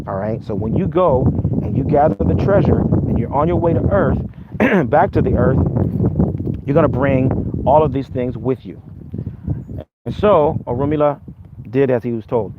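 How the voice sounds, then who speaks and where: A man teaching through a spiritual story in an animated storytelling style, often repeating words as he goes. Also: medium pitch. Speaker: Ifa teacher. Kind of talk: storytelling lesson. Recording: dull lo-fi audio with faint noise.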